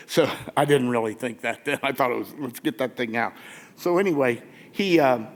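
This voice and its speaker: An older man telling stories on stage to a crowd in a big theater, his voice trailing off into a long hall reverb. He speaks at a middling pitch, laughs often and acts out the lines he quotes. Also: measured pace, long pauses. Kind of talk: casual storytelling to a live audience. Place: large theater with audience.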